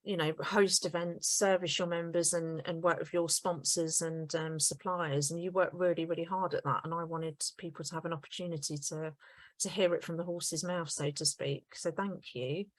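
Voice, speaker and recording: A woman's voice: fairly low pitch, steady tone, normal speed, dry recording. A woman co-hosting a podcast, praising her guest in long, effusive, running sentences. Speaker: podcast co-host. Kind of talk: casual interview chat.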